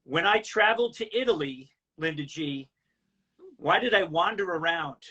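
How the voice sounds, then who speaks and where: A man's voice: fairly high pitch, lively intonation, moderate pace, sharp tone, lo-fi sound. A man telling a pun joke. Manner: jokey, with pun delivery.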